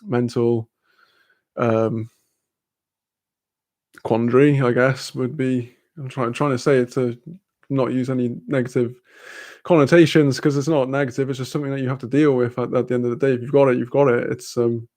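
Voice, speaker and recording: A young man chatting casually on a live stream, laughing often and filling pauses with ums. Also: medium pitch, steady tone, a little mellow, no room sound.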